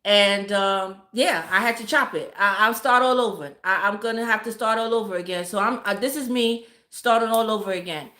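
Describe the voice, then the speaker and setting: Woman, bright voice, profane and laughing, roomy echo. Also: medium pitch, moderate pace, few pauses. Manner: profane, laughing, animated storytelling. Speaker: streamer. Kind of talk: casual storytelling to live viewers.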